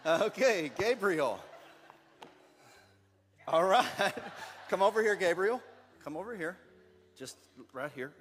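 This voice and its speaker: A man's voice: a little high, big pitch swings, normal speed, pauses often, breathy edge. A man narrating a story aloud and directing children in a skit, playful and encouraging, laughing often, speaking into a handheld microphone. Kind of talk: live narration with stage directions. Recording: long hall reverb, faint music.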